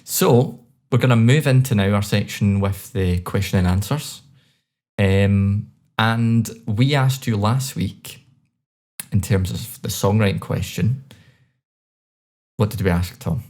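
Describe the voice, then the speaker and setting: A man with a Scottish accent co-hosting a podcast, reviewing songs in a relaxed, chatty way with many fillers. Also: lowish voice, takes it slowly. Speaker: podcast co-host. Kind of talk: casual chat.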